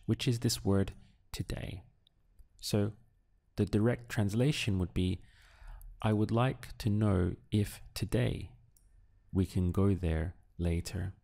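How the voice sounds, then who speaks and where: A man in a recorded lesson, patient and deliberate, pausing for the learner to answer. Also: fairly low pitch, gravelly, darkish tone. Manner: slow, patient drills with pauses for the learner. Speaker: language teacher.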